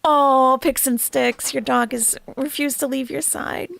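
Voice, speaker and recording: A woman's voice: sits high, steady tone, slow pace, vocal fry, long pauses. A woman hosting a casual reaction livestream, chatty and blunt, reading viewer comments. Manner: chatty, swings from soft sympathy to blunt profane ranting.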